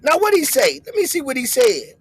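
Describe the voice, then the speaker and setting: A man's voice: very high voice, very animated, fairly quick, vocal fry, rough recording. A man from the US West Coast hosting a livestream, talking in slang and rambling with frequent repeats. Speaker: livestream host. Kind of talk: loose reaction-stream commentary.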